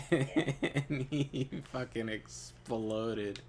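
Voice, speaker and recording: A man's voice: medium pitch, very slow, a little hiss or hum. A man telling a story while gaming, laughing often and swearing casually. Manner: laughs often, animated, loose and profane. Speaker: gaming channel co-host.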